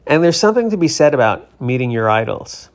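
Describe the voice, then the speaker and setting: A man's voice: mid-range voice, big pitch swings, brisk. A tired man casually telling a story to his vlog audience, rambling with many fillers and restarts. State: tired, yawning.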